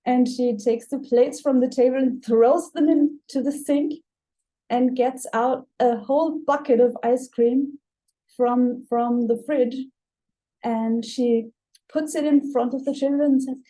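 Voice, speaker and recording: A woman narrating her turn in a tabletop role-playing game, unhurried and full of fillers. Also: on the high side, steady tone, dark tone, rough recording. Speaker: player.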